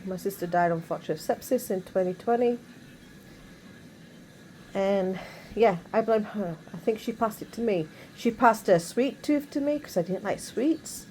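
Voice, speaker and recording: A woman's voice: medium pitch, normal speed, dark tone, a little hiss or hum, poor audio. A woman chatting casually in her bedroom, rambling with many asides. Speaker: vlogger. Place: bedroom at home.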